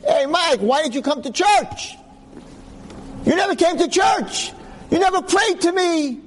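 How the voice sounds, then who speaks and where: Man doing a shrill male heavenly judge, scolding, loud, very high. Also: animated, a little slow, slight background noise.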